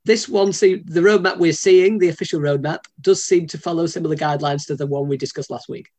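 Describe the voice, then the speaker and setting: A man's voice: a little high, fast talker, a little mellow. A man from the north of England co-hosting a casual podcast, rambling and joking and often correcting himself. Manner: rambling, self-correcting, jokey. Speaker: podcast co-host.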